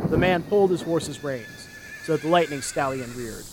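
A man reading a dark fantasy story aloud in a dramatic, expressive storytelling voice. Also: a little high, moderate pace, a little hiss or hum. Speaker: narrator. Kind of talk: storybook narration.

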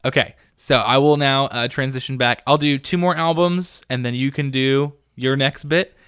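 A man's voice: mid-range voice, steady tone, normal speed, a bit bright, clear, resonant tone, no echo, clean studio sound. A man co-hosting a casual music review podcast, with easygoing, short replies. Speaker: podcast co-host.

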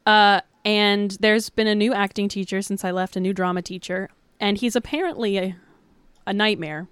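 Clear young woman telling a story. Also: medium pitch, normal speed, no echo. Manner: animated storytelling, giggly. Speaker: podcast co-host. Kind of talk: casual chat.

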